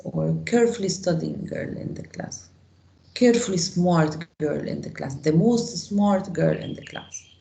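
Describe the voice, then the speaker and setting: A woman's voice: lowish voice, gravelly, mellow, reverberant, low-quality recording. A woman teaching an English grammar lesson to a class, explaining step by step and asking the students questions.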